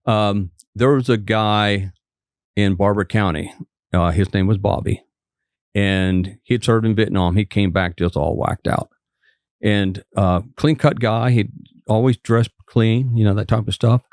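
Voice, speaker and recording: A man's voice: fairly low pitch, steady tone, a little slow, a little mellow, no echo, clean studio sound. An older man from West Virginia, a former trooper turned physician, telling folksy stories as a guest and acting out the quotes. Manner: folksy anecdote teller, acts out quotes. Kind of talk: casual storytelling interview.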